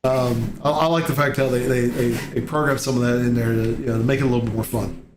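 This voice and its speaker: A man's voice: medium pitch, steady tone, fast, crowd noise. A man hosting a casual interview on a video call, rambling through stories with many fillers. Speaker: host. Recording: echoey room with faint ambience.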